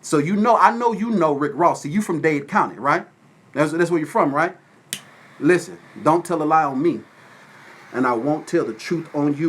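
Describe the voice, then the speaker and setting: A man from Atlanta, Georgia, hosting a casual livestream from his phone at home and shouting out viewers by name. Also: a little high, a little fast, slightly rough. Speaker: livestream host. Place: at home with windows open.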